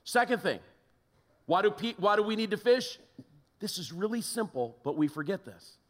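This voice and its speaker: A man preaches, walking through his points one by one. His voice is fairly high and swings widely in pitch as he speaks. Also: normal speed. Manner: lively, lays out numbered points. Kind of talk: sermon.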